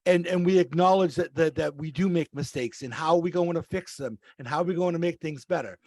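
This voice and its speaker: A man's voice: a little high, brisk, darkish tone, dry recording. A man appearing as a podcast guest, speaking earnestly and thoughtfully, repeating words as he works through his point. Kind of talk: casual chat.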